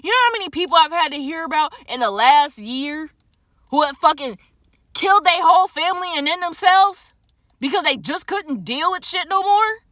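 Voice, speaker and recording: A woman's voice: very high-pitched, lively intonation, normal speed, sharp tone, no room sound, studio quality. A woman delivering an unscripted, furious rant to camera as a vlogger. She swears heavily and hammers home her points by repeating phrases. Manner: furious, profane and emphatic. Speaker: streamer and vlogger.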